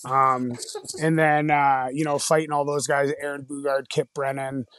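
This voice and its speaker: A man's voice: a little high, level tone, moderate pace, fairly bright tone, smooth, no room sound. A middle-aged man, a former hockey player, telling road-trip stories in a rambling, casual way, full of "like" and "you know", swearing and then apologizing. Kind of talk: casual storytelling.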